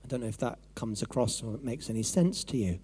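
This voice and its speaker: A man preaching a sermon in a lively, conversational way, acting out his own thoughts and voices. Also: medium pitch, fast talker, slightly rough. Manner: animated, conversational, acts out inner voices.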